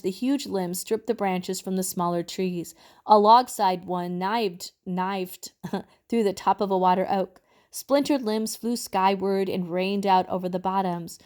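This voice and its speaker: A woman reading a novel aloud, telling the story in an expressive, measured way. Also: medium pitch. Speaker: reader.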